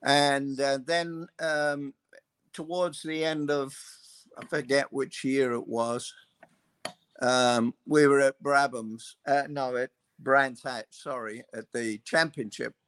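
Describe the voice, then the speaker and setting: An older man, a guest, telling long anecdotes in an unhurried, loose way, full of pauses and fillers. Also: medium pitch, fairly even intonation, a bit bright, clean tone, dry recording. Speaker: guest, former racing mechanic. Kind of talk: anecdotal storytelling.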